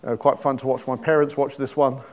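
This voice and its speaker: A man's voice: medium pitch, little pitch movement, fairly quick. A man giving an informal sermon, chatty and joking, with many restarts. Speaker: preacher.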